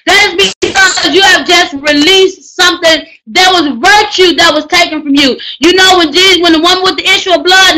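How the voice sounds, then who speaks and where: A woman's voice: very high-pitched, bright, forceful tone, poor audio. A woman coaching a class of book writers, speaking with emphatic, preachy energy, using slang and often raising her voice to drive points home. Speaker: writing coach teaching a book course. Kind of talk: energetic live class talk.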